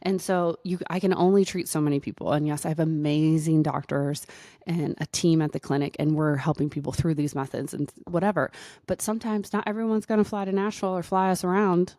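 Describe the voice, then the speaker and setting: A woman's voice: low voice, steady tone, brisk, warm tone, no room sound, clean studio sound. A woman doctor hosting her own podcast, telling a personal story in a casual, chatty way with frequent "like" fillers.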